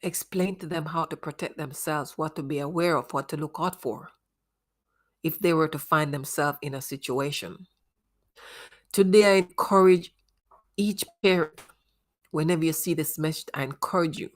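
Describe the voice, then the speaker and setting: A woman's voice: deep voice, moderate pace. A woman hosting a commentary on a news case, speaking earnestly and morally to parents in the audience. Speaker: host.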